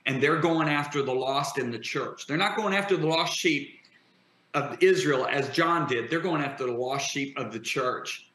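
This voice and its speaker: A man's voice: on the high side, normal speed, fairly bright tone. Fervent preacher man in an echoey room. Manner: emphatic, builds to impassioned declarations. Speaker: guest preacher.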